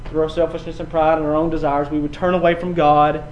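A man preaching a sermon, building from quiet passages to loud, emphatic runs and often repeating his words. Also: fairly high pitch, flat delivery, fast talker, highs cut off, a little hiss or hum. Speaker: pastor.

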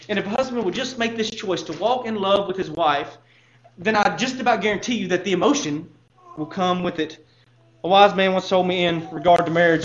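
Male pastor, sermon, high voice, earnest direct questions, slightly dull sound.

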